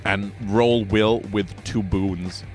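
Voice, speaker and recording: A man's voice: lowish voice, fairly even intonation, slow, a little mellow, faint music behind. A man running a tabletop game as game master, describing scenes vividly and at length with plenty of fillers.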